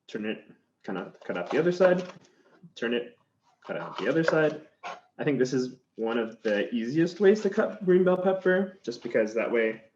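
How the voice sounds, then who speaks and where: A man cooking in a kitchen, walking viewers through each cut in a relaxed, chatty tone. His voice sits at an ordinary middle pitch. The recording sounds a little dull, with a faint hiss behind it. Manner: easygoing, chatty, explains steps as he works. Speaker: chef. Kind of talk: cooking demonstration.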